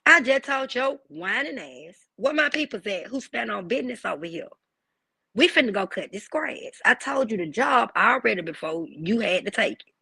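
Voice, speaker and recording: A woman's voice: on the high side, animated, moderate pace, vocal fry, sharp tone, husky, no echo, heavily acted. A woman voicing a short-tempered father who snaps and curses at his child. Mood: irritated. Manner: snapping and cursing.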